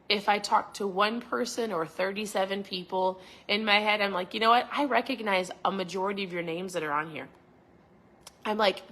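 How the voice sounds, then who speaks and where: A middle-aged woman hosting a motivational podcast, talking casually to her viewers and acting out her own past conversations. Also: mid-range voice. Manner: animated, acts out her own past dialogue. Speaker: podcast host.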